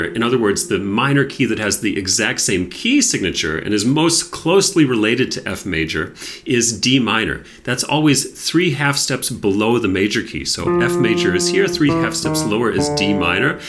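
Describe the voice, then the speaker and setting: A man with a fairly low, very lively voice explains music theory in an enthusiastic piano lesson. He stops now and then to play examples, and piano sounds ring clearly behind him. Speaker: piano teacher. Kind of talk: piano tutorial. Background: piano playing.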